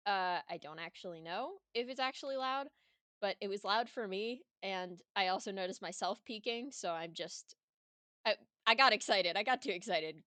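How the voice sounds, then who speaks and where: A woman's voice: medium pitch, normal speed, bright, forceful tone, no room sound. Giggly young woman streaming a game. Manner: giggly, rambling, self-deprecating. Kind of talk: casual game commentary.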